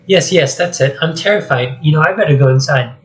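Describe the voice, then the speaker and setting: A man voicing a cursed young princess while reading a script aloud, speaking softly and pleadingly. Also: a little high, a little fast, close to an everyday voice, rough recording. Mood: earnest. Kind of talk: solo script reading with voices.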